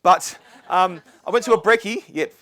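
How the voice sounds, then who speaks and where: A man's voice: high-pitched, normal speed, fairly bright tone. A middle-aged Australian man giving a live talk to an audience, earnest and rambling, with restarts and asides. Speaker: speaker. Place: lecture venue with live audience.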